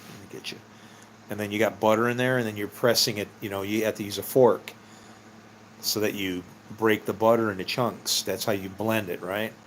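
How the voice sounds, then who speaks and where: A man's voice: fairly low pitch, little pitch movement, normal speed, noisy background. A middle-aged man telling rambling personal stories in a casual, meandering way, laughing often and swearing freely. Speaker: vlogger.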